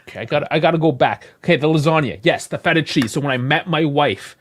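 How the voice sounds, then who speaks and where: A man co-hosting a casual podcast, telling stories in a lively, profane way. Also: a little high, quick pace. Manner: lively, swears freely while telling stories. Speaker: podcast co-host.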